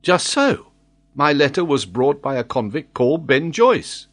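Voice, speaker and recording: A man's voice: a little high, very animated, a little slow, voice pushed up. A man reading the lines of a vehement nobleman firing off urgent questions, in a raised voice in an audiobook. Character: urgent male nobleman and expedition leader.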